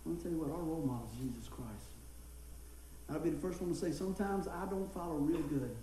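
A man's voice: fairly high pitch, fast talker, slight background noise. A middle-aged man preaching a sermon, telling folksy stories and laughing along the way. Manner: folksy storytelling, laughing, animated. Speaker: pastor. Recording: echoey room, mic at a distance.

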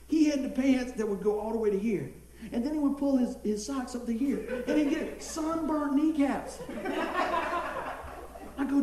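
Folksy pastor in an echoey church. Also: male voice, very high-pitched, normal speed, pauses often, slight background noise. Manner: folksy storytelling, laughing, animated. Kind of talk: sermon. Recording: echoey room, mic at a distance.

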